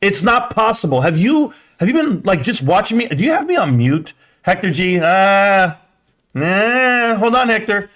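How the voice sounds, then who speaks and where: A man's voice: high voice, sing-song, normal speed, fairly bright tone. Brash, profane man on a livestream. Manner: brash, profane, laughing often. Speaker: livestream host. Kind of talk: casual livestream chat reading comments.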